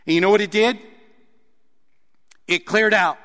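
Animated preaching man in reverberant hall. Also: sits high, a little slow. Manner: animated preaching, reading scripture aloud. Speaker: pastor. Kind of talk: sermon.

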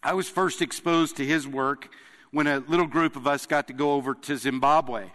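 Pastor preaching in a reverberant hall. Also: male voice, a little high, fairly even intonation, fairly bright tone. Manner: earnest storytelling with emphatic pauses. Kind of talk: sermon. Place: church sanctuary. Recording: long reverb of a large hall.

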